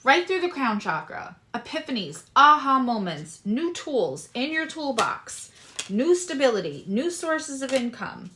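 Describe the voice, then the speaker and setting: Bright-voiced chatty woman reading tarot. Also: sits high, unhurried, a little hiss or hum. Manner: animated and chatty, casual swearing, jumps between loud and soft. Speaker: tarot reader and astrologer. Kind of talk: casual tarot reading to camera.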